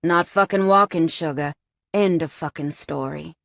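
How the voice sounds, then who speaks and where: A woman voicing a gruff, growling male biker in a romance audiobook, dropping her voice low. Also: moderate pace, no room sound, clean studio sound.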